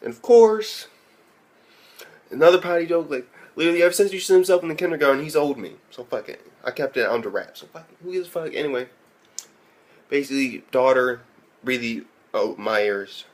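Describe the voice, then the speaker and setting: A man's voice: on the high side, brisk. A man recapping an anime episode in a casual, profane way, often incredulous and laughing as he retells it. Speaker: anime reviewer.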